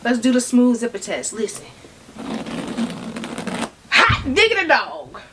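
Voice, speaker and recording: A woman vlogging an unboxing, chatty and full of slang, excitedly talking to herself and her viewers, breaking into laughs and whispers. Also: a little high, takes it slowly, very noisy. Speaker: fashion vlogger.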